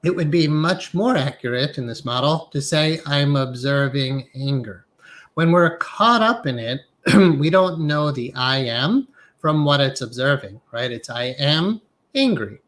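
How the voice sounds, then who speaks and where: A man's voice: on the high side, animated, measured pace, a bit bright. Reflective man giving a spiritual lecture. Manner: reflective, frequently asks "right?" and uses guided inner exercises. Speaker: hypnotherapy instructor. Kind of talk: live-streamed spiritual lecture.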